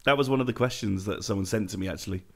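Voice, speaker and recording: A man hosting a casual interview, asking questions in a hesitant, relaxed way. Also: fairly low pitch, very fast, gravelly. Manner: hesitant, many fillers, relaxed. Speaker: interviewer host.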